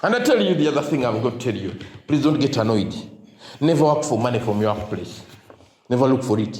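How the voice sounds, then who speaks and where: A high-pitched man gives a motivational talk to teachers, his voice swinging up and down a lot. He leaves his sentences hanging with "what?" so the listeners can fill in the word, and now and then he drops into Luganda. He was recorded in an echoey room. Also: darkish tone. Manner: call-and-response, asks "what?" for the crowd to fill in; mixes in Luganda phrases. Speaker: motivational speaker.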